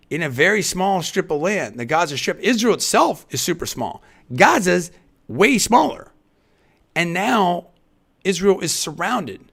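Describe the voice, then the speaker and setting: A man's voice: on the high side, a bit bright. A man hosting a live talk radio show, speaking in a rambling monologue full of restarts and hedges, then punching key phrases with emphasis.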